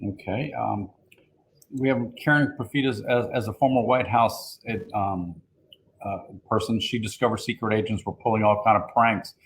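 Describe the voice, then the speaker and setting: A man's voice: fairly low pitch, fairly even intonation, moderate pace, a little hiss or hum. A man interviewing a guest, asking questions hesitantly with many fillers.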